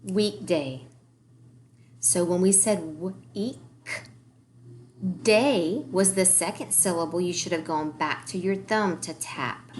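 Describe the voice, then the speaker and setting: A woman's voice: on the low side, slow pace, a little hiss or hum. A woman teaching a recorded early-grade reading lesson, encouraging the children and sounding out words letter by letter.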